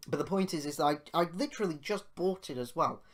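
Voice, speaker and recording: This podcast host, a man from the United Kingdom, has a slightly high voice and talks quickly. Wandering off on tangents as he recounts something that happened to him, he grows loud and indignant in the retelling.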